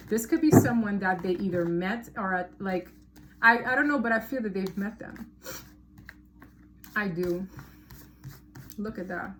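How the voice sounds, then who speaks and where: A woman's voice: mid-range voice, a little slow, a little hiss or hum. A woman giving a casual tarot reading to her viewers, talking emphatically and repeating words for stress. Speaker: tarot reader.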